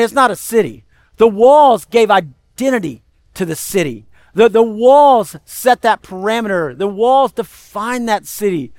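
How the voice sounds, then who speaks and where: Animated high-voiced male pastor preaching. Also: no room sound, studio quality. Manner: animated, conversational preaching with asides to the congregation. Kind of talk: sermon.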